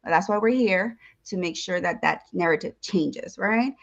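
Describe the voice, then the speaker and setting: A woman's voice: lowish voice, unhurried, creaky, highs cut off. Upbeat woman hosting a livestream. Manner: energetic, playful, bilingual greetings. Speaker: host. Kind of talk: lively livestream chat.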